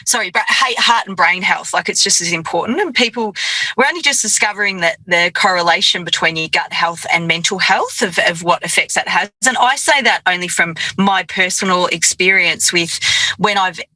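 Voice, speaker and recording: A chatty woman co-hosting a casual podcast, rambling and giggling between points. Her voice is bright and forward. The sound is dry and close, with no room around it. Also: on the low side, moderate pace, no room sound, low-quality recording. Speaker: podcast co-host. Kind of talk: casual chat.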